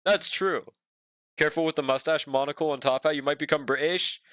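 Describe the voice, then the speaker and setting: A man's voice: mid-range voice, steady tone, fairly quick, a bit bright, clean tone, no echo, studio quality. A young man streaming as he draws, chatting casually with viewers and swearing freely. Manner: laid-back, swears often, talks to chat. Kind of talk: casual stream chat while drawing.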